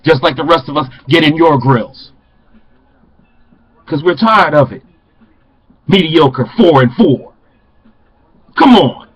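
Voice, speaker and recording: A man's voice: fairly high pitch, slow pace, long pauses, fairly bright tone, husky, low-quality recording. An older man, a passionate sports fan, ranting to camera in a home vlog and repeating phrases for emphasis. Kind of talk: fired-up fan rant to camera.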